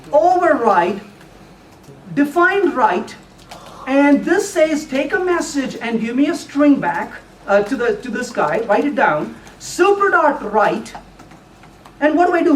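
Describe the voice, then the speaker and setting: Brief: middle-aged male conference speaker, lively and joking, distant mic in a reverberant room with faint background noise. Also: very high voice, takes it slowly. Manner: playful, teasing the audience with questions. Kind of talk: live technical talk. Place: meeting room before an audience.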